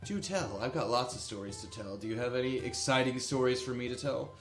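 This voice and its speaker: A man voicing a jovial, boastful male ship owner who loves telling stories, with a loud, hearty delivery. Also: medium pitch, fairly quick, echoey room, faint music behind, lightly acted.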